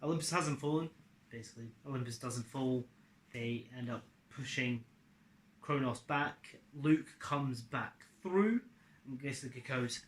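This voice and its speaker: Male vlogger, bright and forceful tone, offhand chatty delivery, echoey room. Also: medium pitch, normal speed. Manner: loose, offhand, with fillers and casual swearing. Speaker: video creator summarizing his series adaptation. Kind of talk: casual rambling explanation.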